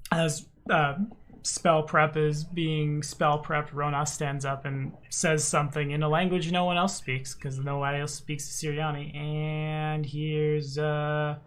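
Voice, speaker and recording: A man's voice: fairly high pitch, fairly bright tone. A man running a tabletop game as game master, narrating actions in a casual, chatty way with some ums.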